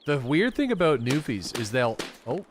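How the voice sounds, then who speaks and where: Animated man streaming. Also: medium pitch, background noise. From Atlantic Canada. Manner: animated, swearing, quick to laugh. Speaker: game streamer. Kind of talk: casual livestream chat while gaming.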